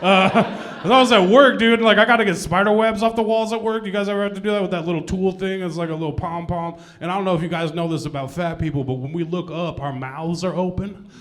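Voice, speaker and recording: A man's voice: high voice, fairly even intonation, fast, a bit bright. A young adult man doing a self-deprecating stand-up comedy set on a club stage, laughing at his own jokes.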